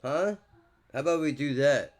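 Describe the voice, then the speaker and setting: Man, ranting vlogger: profane, heated, bro-and-dude talk, pitched a bit high, jumps from mumbles to shouts. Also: moderate pace. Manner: swings from muttering low to loud outbursts. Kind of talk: ranting monologue to camera.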